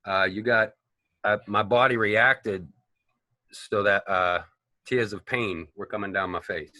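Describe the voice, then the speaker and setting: A man's voice: lowish voice, unhurried, no room sound. A man, an actor telling rambling, profane stories in a casual interview. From Boston, United States. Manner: animated, profane, rambling storyteller. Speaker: actor guest.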